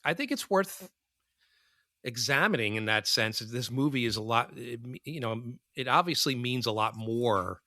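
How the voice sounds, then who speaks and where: A man's voice: mid-range voice, lively intonation, normal speed, pushed and bright, dry recording, studio quality. A man co-hosting a podcast, talking casually and animatedly about a film. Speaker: podcast co-host.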